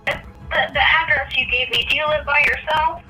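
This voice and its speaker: A woman conducting an intake interview, asking calm, procedural questions. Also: high-pitched, normal speed, soft background music, rough recording.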